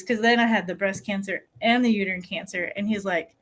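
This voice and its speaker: A woman's voice: mid-range voice, fairly even intonation, a little fast. A middle-aged American woman from New Mexico, telling her story as a podcast guest in a casual, upbeat way, laughing often. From New Mexico, USA. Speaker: podcast guest, dirt bike rider.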